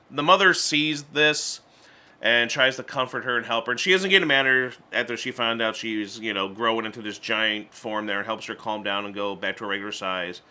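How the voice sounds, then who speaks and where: A man casually reviewing an animated movie, chatty and stumbling over restarts, acting out character lines in little voices. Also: medium pitch, normal speed.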